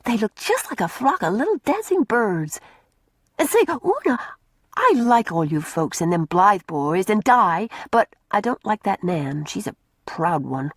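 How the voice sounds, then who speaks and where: A woman's voice: medium pitch, big pitch swings, unhurried, breathy edge, dry recording, clean studio sound, heavily acted. Woman voicing scrappy orphan girl Mary. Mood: blunt. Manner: folksy rural slang, bold and scrappy. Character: rough, blunt orphan girl, quick-tempered.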